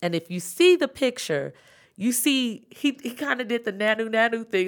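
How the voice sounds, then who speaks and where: A woman producer, a guest in a radio studio, telling a story in an interview in an animated, excitable way with quick bursts of speech. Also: fairly high pitch. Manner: animated, excitable, rapid bursts when recounting events. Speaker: comedy show producer, guest.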